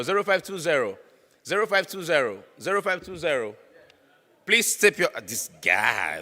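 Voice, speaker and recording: A man's voice: fairly high pitch, pushed and bright. A Nigerian man hosting a raffle draw at an event, teasing winners and chanting ticket numbers over and over. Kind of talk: playful event emcee. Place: conference hall. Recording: echoey hall with long reverb.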